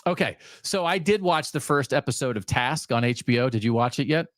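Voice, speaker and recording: A man co-hosting a sports talk podcast, chatting casually and telling rambling, animated stories. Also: medium pitch, fairly quick, dry recording, studio quality. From US Mid-Atlantic region. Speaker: podcast co-host. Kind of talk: casual chat.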